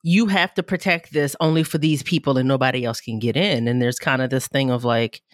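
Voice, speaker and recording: Animated woman co-host. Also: extremely low pitch, fairly quick, dry recording, studio quality. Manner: animated, swooping into laughs. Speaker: podcast co-host. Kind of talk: casual interview talk.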